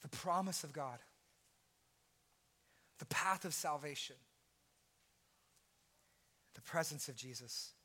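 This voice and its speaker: A man preaching a sermon as pastor, impassioned and at times shouting. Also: on the high side, slow pace, pauses often, breathy edge.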